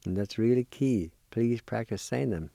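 A man teaching a vocabulary lesson, patiently spelling out each word letter by letter and pronouncing it slowly. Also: medium pitch, creaky, mellow, dry recording. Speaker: language teacher. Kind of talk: slow spelling and pronunciation lesson.

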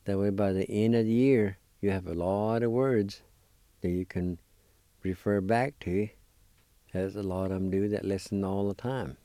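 A man's voice: fairly low pitch, steady tone, moderate pace, mellow, no echo. A man hosting a radio language lesson, carefully spelling and pronouncing words for his listeners and encouraging them. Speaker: language teacher and show host.

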